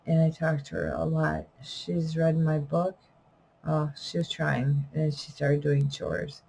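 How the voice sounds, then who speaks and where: Slow, gravelly middle-aged woman, rambling. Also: low voice, darkish tone, low-quality recording. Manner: rambling, trailing off with fillers and self-corrections. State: wheezing, coughing. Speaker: vlogger and self-published poet. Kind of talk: unedited casual talk to camera.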